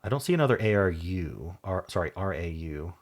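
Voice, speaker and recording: Deep, husky-voiced man musing over a puzzle. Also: expressive, brisk. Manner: musing, spells out letters, trails off softly. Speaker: Wordle video host. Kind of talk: thinking aloud while solving a word puzzle.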